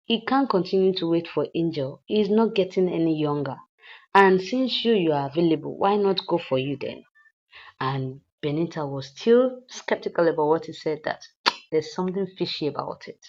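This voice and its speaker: A woman's voice: lowish voice, animated, normal speed, a little mellow, lo-fi sound. A woman recapping a drama series in a chatty, casual way, slipping in pidgin asides. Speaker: series reviewer.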